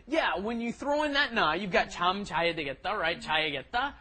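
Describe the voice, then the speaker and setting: A co-host explaining grammar with enthusiasm in a casual language lesson podcast. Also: male voice, high-pitched, lively intonation, very fast, pushed and bright.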